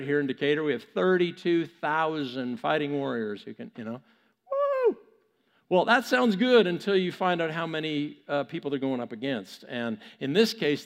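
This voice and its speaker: A male pastor preaching a sermon, telling a story with animated, chuckling asides. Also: a little high, long reverb tail.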